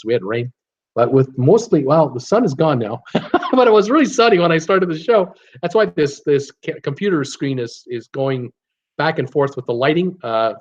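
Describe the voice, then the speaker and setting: A cruise channel host from Canada, his Canadian accent slight, reads live chat from his home computer room during a laid-back stream. He answers with plenty of laughter, fillers and restarts, keeping it chatty. His mid-range voice is darkish, and the recording sounds muffled.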